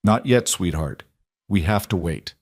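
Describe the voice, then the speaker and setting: A man voicing a calm protective rancher. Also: deep voice, a little slow, no echo, clean studio sound, heavily acted. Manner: calm and even. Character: protective male rancher, steady and restrained.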